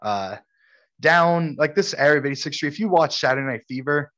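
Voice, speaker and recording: With a fairly bright, higher-leaning voice, this man talks fairly quickly and with lively intonation. He co-hosts a podcast out of Brooklyn, New York, where he tells a story in a relaxed chat with friends and laughs frequently.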